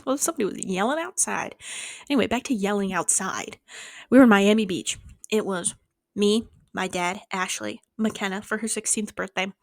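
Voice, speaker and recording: A woman's voice: moderate pace, dry recording, clean studio sound. A young woman in her bedroom telling a casual storytime vlog to camera, swearing freely and acting out what people said with sudden jumps in her voice. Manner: animated, swearing, acting out quotes with big pitch jumps. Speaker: vlogger.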